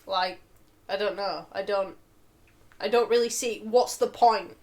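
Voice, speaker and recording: A woman's voice: mid-range voice, a little slow, darkish tone. A woman co-hosting a casual podcast chat, swearing freely and acting out quoted lines. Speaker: podcast co-host.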